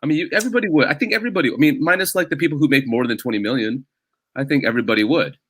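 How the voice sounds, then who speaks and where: A man's voice: medium pitch, very fast, fairly bright tone, husky. A male stand-up comedian as a guest on a casual podcast, telling rambling self-deprecating stories.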